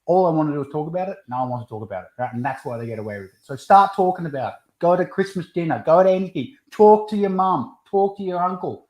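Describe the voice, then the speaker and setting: A man's voice: fairly high pitch, animated, quick pace, hardly any pauses, darkish tone. A man co-hosting a casual podcast chat over a beer, heated and ranting, swearing often. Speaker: podcast co-host.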